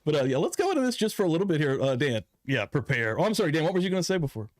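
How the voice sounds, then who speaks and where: A man's voice: on the high side, big pitch swings, rapid-fire, dry recording, studio quality. A man hosting a casual livestream, chatty and often laughing while he sets up clips. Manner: laughing, chatty, fumbling with the audio setup. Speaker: host.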